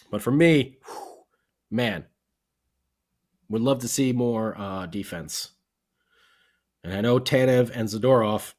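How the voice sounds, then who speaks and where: A man co-hosting a casual sports podcast, excitable and rambling, with lots of fillers. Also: mid-range voice. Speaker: podcast co-host.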